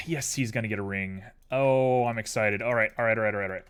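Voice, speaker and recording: A man's voice: lowish voice, quick pace, a bit bright, clean tone. A tired man chatting casually and rambling drowsily on a live stream while he works on a 3D model at his computer.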